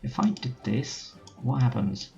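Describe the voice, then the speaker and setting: A man's voice: medium pitch, unhurried, vocal fry, a little mellow, muffled recording. A man commentating a strategy game let's play, thinking aloud as he gives orders to his units. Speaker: gaming channel host.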